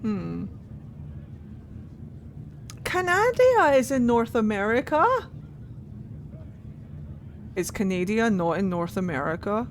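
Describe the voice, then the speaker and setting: A woman's voice: mid-range voice, sing-song, measured pace, pauses often, slight background noise. A young Scottish woman streaming a game, chatting casually and animatedly, laughing often and swearing now and then. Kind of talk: casual gameplay commentary.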